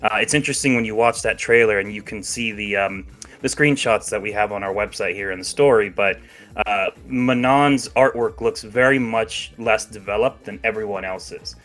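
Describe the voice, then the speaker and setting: A man's voice: fairly low pitch, normal speed, fairly bright tone. A man co-hosting a casual chat show about video games, chatty and hedging, laughing easily. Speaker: podcast co-host.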